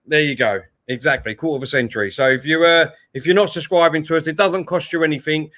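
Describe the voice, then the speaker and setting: A man with a slightly higher voice co-hosts a live football watchalong stream. He chats loosely, reads viewers' comments aloud and urges people to subscribe. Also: fast talker, a bit bright. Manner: reads out chat messages, pushes subscribers. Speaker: co-host of a live match watchalong.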